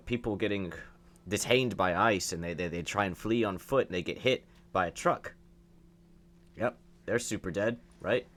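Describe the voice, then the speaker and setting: A man's voice: low-pitched, fairly bright tone. A young man delivering a heated, sarcastic opinion monologue as a political commentator, often repeating words as he speaks.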